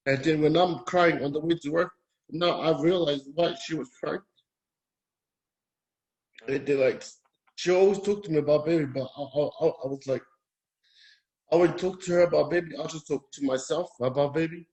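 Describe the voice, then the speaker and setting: A Polynesian man talking candidly as a guest, in a hesitant, halting, soft-spoken way. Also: a little high. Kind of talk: candid personal conversation.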